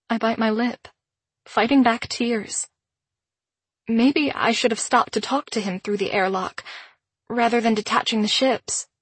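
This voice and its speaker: A woman narrating a first-person audiobook in a measured, introspective way. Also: on the high side, steady tone, husky, no room sound.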